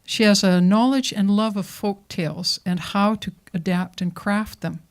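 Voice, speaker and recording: A woman's voice: medium pitch, fairly even intonation, measured pace. A woman hosting a storytelling evening, introducing the next teller. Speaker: event host.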